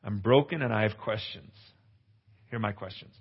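A man's voice: on the low side, normal speed, husky. A man in his forties preaching a testimonial sermon at a conference, earnest and confessional, with playful asides to the crowd. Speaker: pastor. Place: conference hall. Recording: echoey hall, slightly dull.

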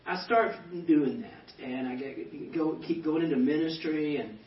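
Man telling a lively personal testimony. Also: fairly high pitch, unhurried. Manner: animated storytelling with self-deprecating humor. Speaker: pastor. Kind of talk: personal testimony to a banquet audience. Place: banquet hall. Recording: echoey hall, distant mic, dull sound.

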